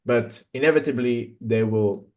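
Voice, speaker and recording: Halting, skeptical male commentator. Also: mid-range voice, a little mellow. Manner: halting, many fillers and restarts, skeptical. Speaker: guest commentator. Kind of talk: political commentary chat.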